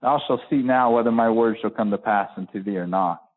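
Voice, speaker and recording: Man preaching over a tinny line. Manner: builds to high emphatic peaks, slows to stress words; folksy with repeated restarts. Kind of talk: sermon with scripture reading. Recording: narrow phone-like sound.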